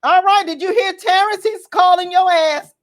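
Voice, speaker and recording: Speaking at a normal speed in a very high voice, a woman runs a casual gossip livestream. She's sassy and dramatic, constantly passing along to her viewers whatever her caller tells her.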